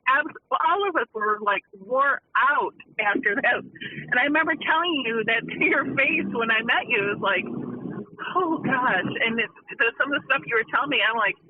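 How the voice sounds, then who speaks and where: A woman's voice: on the high side, fairly quick, a little hiss or hum. A woman calling in to a live show, chatting in a folksy, easygoing way and laughing often. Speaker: caller. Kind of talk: casual phone-in chat. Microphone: telephone. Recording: tinny phone line.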